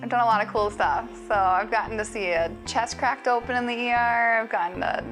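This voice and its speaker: A woman's voice: fairly high pitch, brisk, music in the background, rough recording. A woman respiratory therapist telling stories from her work with enthusiasm and emotion in an interview. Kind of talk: interview storytelling.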